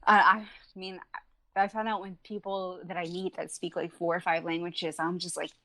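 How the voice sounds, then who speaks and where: A woman's voice: fairly low pitch, little pitch movement, moderate pace, bright, forceful tone. A young adult woman with a Long Island accent, a musician chatting as a podcast guest, laughing often and filling with "like.". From Long Island, New York. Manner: laughs often, many fillers and restarts. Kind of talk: casual interview chat.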